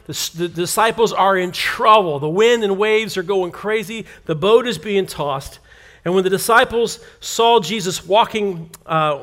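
A man with a fairly high voice preaches a sermon. He tells the story in an animated way, acting out what the people in it say. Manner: animated storytelling, acts out quoted lines. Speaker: pastor.

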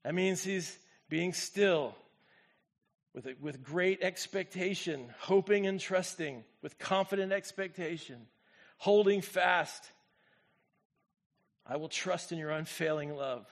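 A male pastor preaches with a high, bright-edged voice. He drops into quiet, low reflection, then climbs into loud, excited exclamation. He keeps asking the congregation to respond. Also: slow pace. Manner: speaks to the congregation directly, asks for responses. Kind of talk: sermon.

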